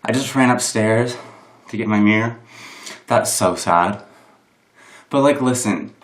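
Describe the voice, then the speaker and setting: A man's voice: on the low side, a little slow. Self-mocking young man, roomy echo. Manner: self-deprecating, rambling, full of "like". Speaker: vlogger. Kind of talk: casual makeup tutorial chat. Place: room at home. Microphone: camera propped on a box. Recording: roomy echo of a home room.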